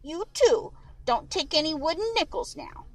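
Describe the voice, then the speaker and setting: Woman putting on a quirky elderly lady neighbor, gossipy, teasing, high lively voice, dry close sound, storybook reading. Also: moderate pace, dry recording, recorded from a distance, low-quality recording. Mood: playful. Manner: gossipy, teasing, old-fashioned slang.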